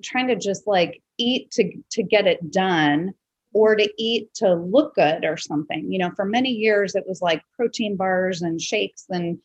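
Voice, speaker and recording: Hosting a casual interview on her podcast, a woman speaks in an unhurried, mid-range voice, reflective and conversational, filled with fillers. There's no echo, but the recording is low quality.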